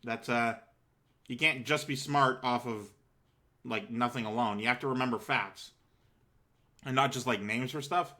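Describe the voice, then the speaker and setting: A man's voice: mid-range voice, measured pace, pauses often, sharp tone. A man hosting a game playthrough, reading text aloud with rambling, self-deprecating asides, a bit out of breath. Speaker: let's play host. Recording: game music playing behind.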